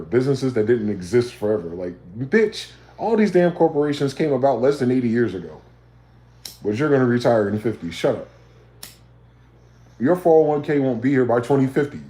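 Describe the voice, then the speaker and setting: With a medium-pitched voice that's dark and mellow, a livestream host launches into a profane rant, pressing his audience with combative rhetorical questions. His room gives the sound a clear echo.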